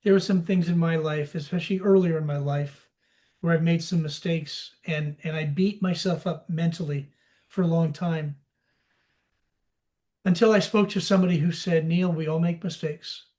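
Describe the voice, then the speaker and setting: A man's voice: a little high, steady tone, normal speed, darkish tone. A man telling stories as a podcast guest, slipping into the voices of the people he quotes. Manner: storytelling, acting out quoted dialogue. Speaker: podcast guest, sales expert. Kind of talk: casual interview talk.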